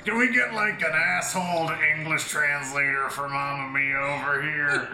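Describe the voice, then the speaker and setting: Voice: mid-range voice, steady tone, moderate pace, sharp tone. A performer voicing a frail, crude old churchgoer with no trachea who talks bluntly and grumbles, in a roomy studio with music.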